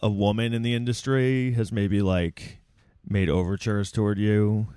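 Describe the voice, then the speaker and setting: A man's voice: on the low side, fairly even intonation, unhurried, warm tone, clean tone, no echo, clean studio sound. A man co-hosting a podcast in casual, rambling chat, joking and slipping into mocking impressions.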